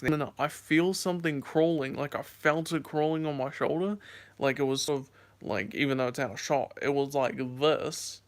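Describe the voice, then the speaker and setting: Young male vlogger, casual rambling chat, smooth clear tone. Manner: rambling storyteller, lots of "like" and "um"; voice jumps high and squeaky when acting out scares.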